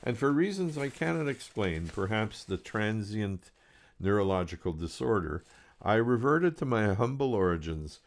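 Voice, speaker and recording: A man's voice: lowish voice, animated, normal speed. A man reading aloud from his own novel with a dry, wry delivery. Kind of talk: serialized book reading.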